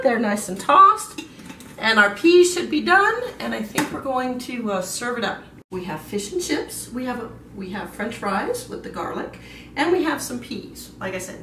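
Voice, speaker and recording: A woman's voice: a little high, fairly bright tone. Chatty woman demonstrating cooking, distant and echoey. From half Australian. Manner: chatty, explains as she cooks, many fillers. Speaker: home cook. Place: home kitchen. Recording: echoey room, distant mic, kitchen noise.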